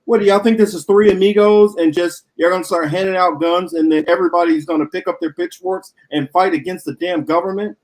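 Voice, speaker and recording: A man's voice: high-pitched, fairly even intonation, fairly quick, few pauses, a little mellow, rough recording. A man co-hosting a political talk show, arguing bluntly and with profanity in a heated debate.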